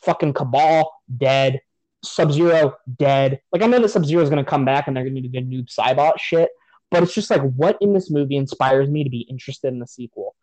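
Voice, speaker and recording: A man's voice: mid-range voice, a little fast, a little mellow, no echo, low-quality recording. A man on a podcast giving a profane, sarcastic rant about a movie in casual chat. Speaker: podcast host.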